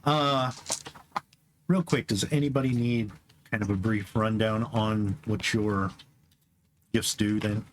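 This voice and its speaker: A man's voice: fairly low pitch, steady tone, slow pace, long pauses, a little hiss or hum. A man running a tabletop game as game master, patiently explaining the rules and describing scenes.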